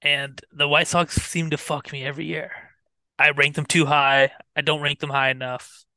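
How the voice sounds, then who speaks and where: Bright, crisp young man on a podcast. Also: on the high side, flat delivery, no room sound. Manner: blunt, joking, quick to push back. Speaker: podcast co-host. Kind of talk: casual sports chat.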